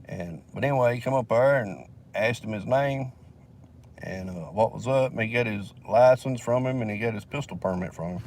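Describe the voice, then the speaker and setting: A man's voice: lowish voice, normal speed, darkish tone, slight background noise. A man from Alabama with a Southern accent, telling a long story in a casual vlog, swearing heavily and rambling with fillers, recorded in a vehicle.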